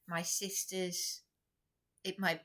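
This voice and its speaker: An English woman talking straight to the camera, upset and urgent, her thoughts spilling out in a rambling, impassioned way. Her voice sits low for a woman yet has a bright, forceful edge, and she pushes hard on what she wants to say. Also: flat delivery, takes it slowly. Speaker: vlogger. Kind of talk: personal vlog monologue.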